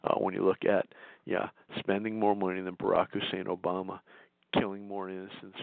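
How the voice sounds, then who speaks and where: A man hosting a political talk radio show, delivering indignant, sarcastic commentary with frequent restarts and a gravelly voice. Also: low voice, no room sound, phone-quality sound.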